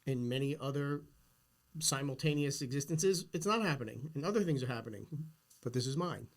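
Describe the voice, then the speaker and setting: A man's voice: medium pitch, lively intonation, a little fast. A middle-aged man hosting a casual podcast conversation, talking earnestly and insistently about big ideas. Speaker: podcast host.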